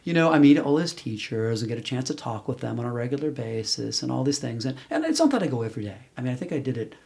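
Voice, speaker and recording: Gravelly middle-aged man telling stories. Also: mid-range voice, big pitch swings, fast talker, a little mellow. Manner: candid, rambling, frequent restarts and fillers. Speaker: interview guest. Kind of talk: casual conversational storytelling.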